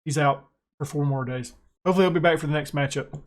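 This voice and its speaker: American guy, gaming commentary, excitable, self-mocking, a bit high-voiced. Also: quick pace. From United States. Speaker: gaming YouTuber. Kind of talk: casual gameplay commentary.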